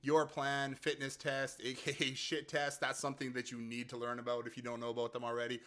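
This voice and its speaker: A man hosting a casual explainer, chatty and quick to laugh, often repeating himself as he tells a story. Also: medium pitch, completely flat delivery, fairly bright tone. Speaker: app creator and host.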